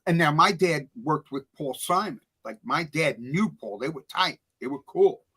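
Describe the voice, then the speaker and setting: A middle-aged man, a guest author telling stories in casual chat, animated and acting out the voices of others. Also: fairly high pitch, moderate pace, slightly rough. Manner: animated storyteller, acts out voices.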